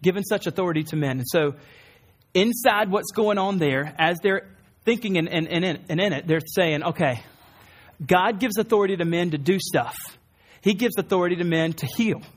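A man's voice: sits high, normal speed. A man in his thirties preaching an earnest sermon in a church, acting out quoted lines and building up emphasis. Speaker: pastor.

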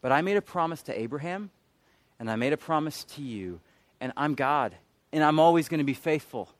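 A man's voice: on the high side, no echo, pitched above the performer's own voice, natural voice. A man voicing God as a tender yet firm divine father, speaking earnestly and building to emphasis. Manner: earnest, pleading, rising to emphatic.

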